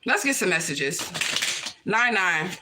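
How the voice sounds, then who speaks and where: A woman's voice: lowish voice, big pitch swings, slow pace, background noise. A woman hosting a livestream, talking to her viewers in a heated, profane, confrontational rant and repeating her points. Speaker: livestream host.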